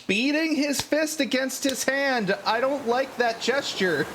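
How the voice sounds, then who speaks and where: A man voicing a meek, fussy male sidekick doctor who makes tea, in a high falsetto. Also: a little slow, noisy background. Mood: fretful.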